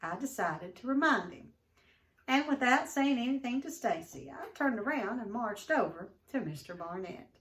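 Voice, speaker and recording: A woman's voice: a little high, moderate pace, slight background noise. Woman teacher reading a novel aloud, distant mic. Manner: expressive storyteller who stops to ask the class questions.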